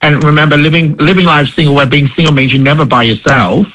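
A man's voice: fairly high pitch, steady tone, quick pace, fairly bright tone, dull audio. A man co-hosting a radio talk show, speaking candidly and openly, with some self-deprecation, on a radio broadcast. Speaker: radio co-host. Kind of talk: casual radio chat.

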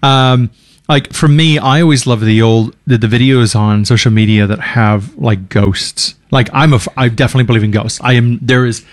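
A middle-aged man in casual chat, jokey and lively, who drops his voice low for the voices he quotes. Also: moderate pace, no echo, clean studio sound.

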